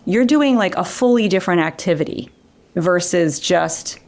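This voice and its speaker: A woman guest on an interview show, an educator, explaining brain science in a lively conversational way. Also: fairly low pitch, normal speed, vocal fry. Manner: animated explainer who acts out quotes. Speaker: guest educator and former children's TV director.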